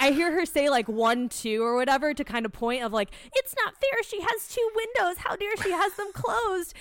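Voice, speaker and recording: A woman's voice: a little high, a bit bright, clear, resonant tone, dry recording, clean studio sound. Heated, profane young woman telling a story. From United States. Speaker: podcast co-host. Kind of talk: casual storytelling chat.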